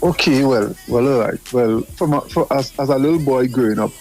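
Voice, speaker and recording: A middle-aged man, calling in to a radio show and telling a story in an animated way, repeating words as he goes. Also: medium pitch, a little fast, soft background music. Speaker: caller. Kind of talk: casual storytelling.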